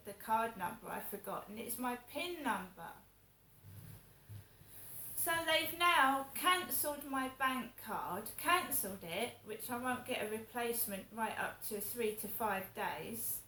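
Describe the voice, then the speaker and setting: A vlogger vents in a casual monologue, her slightly high voice sharp with indignation. She swears and keeps circling back to the same complaints. The recording has an echoey room and faint ambient noise.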